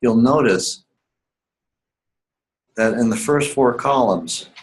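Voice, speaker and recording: A man's voice: mid-range voice, takes it slowly, poor audio. A man teaching a writing seminar class live, emphatic and repetitive, often asking the students whether they follow. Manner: emphatic, repeats key points, asks the class questions.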